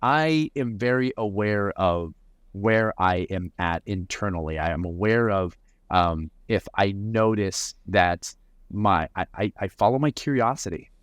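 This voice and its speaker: A man's voice: fairly low pitch, unhurried, clear, resonant tone, no echo, clean studio sound. A man answering interview questions as a mental performance coach, reflective and often repeating words as he starts a thought.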